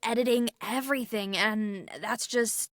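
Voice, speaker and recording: A woman from the cast chatting casually about a production, offering praise with plenty of fillers, restarts and soft laughs. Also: on the high side, steady tone, unhurried, dry recording, clean studio sound. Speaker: cast member. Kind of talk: casual behind-the-scenes discussion.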